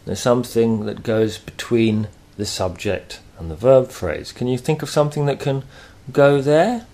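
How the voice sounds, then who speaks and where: A man teaching a grammar lesson, explaining slowly and patiently with thoughtful pauses. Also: mid-range voice, animated, dark tone.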